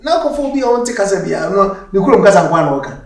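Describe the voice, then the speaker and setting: A man's voice: high-pitched, very animated, a little fast, noisy background. A man with a Ghanaian accent playing a complaining, argumentative man in a film drama. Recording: echoey room with faint music.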